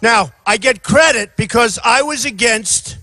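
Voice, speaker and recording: A man in his sixties giving an off-the-cuff campaign rally speech outdoors, rambling and repetitive, often shouting to a crowd. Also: very high voice, measured pace, no echo, clean studio sound. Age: 60s. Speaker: presidential candidate.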